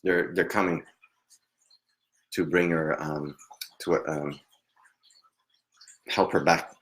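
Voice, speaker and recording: A man working as a psychic medium, giving a live reading in a hesitant, halting way with frequent laughs. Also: very deep voice, fairly even intonation, fairly bright tone.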